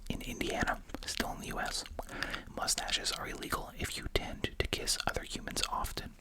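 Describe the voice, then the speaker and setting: An ASMR host whispering a chatty, wry commentary while chewing gum, full of asides and rhetorical questions. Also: moderate pace.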